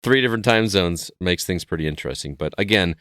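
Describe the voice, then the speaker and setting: Deep, smooth-voiced male podcast host. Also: fast talker, dry recording, studio quality. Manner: relaxed and chatty, reads show plugs. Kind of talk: casual podcast chat.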